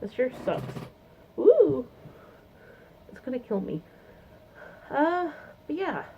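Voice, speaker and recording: A woman's voice: sits high, sing-song, takes it slowly, creaky, dark tone, a little hiss or hum. A woman chatting casually to camera in a bubbly, gushing, rambling way with many ums and giggles. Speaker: vlogger reviewing a convention. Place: home, seated in a chair. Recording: lo-fi phone-like sound.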